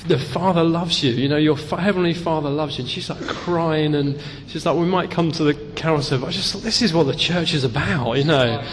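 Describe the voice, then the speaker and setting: A man's voice: on the high side, big-room sound. A man hosting a church gathering and telling his own story of praying with strangers. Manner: enthusiastic, quick encouragement. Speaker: meeting leader.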